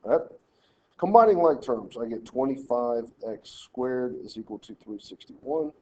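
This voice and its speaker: A man in a recorded math lesson works each problem aloud step by step and tells his students how to set out their work. His voice is mellow and dark-toned. The audio is dull and lo-fi, like a screencast mic. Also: medium pitch, expressive, measured pace, a little hiss or hum. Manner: talks through problems step by step, directing students. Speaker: math teacher.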